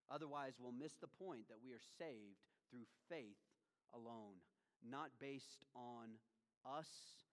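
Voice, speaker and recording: A man preaching a sermon as pastor, emphatic, swinging between ringing declarations and hushed, quiet lines. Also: mid-range voice. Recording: long reverb of a large hall.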